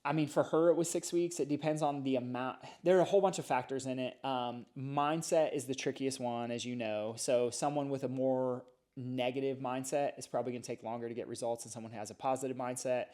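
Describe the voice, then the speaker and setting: Man, middle-aged, chiropractor guest, animated storyteller, casual podcast chat, mid-range pitch. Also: a little fast, few pauses. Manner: animated storytelling, lively explanations.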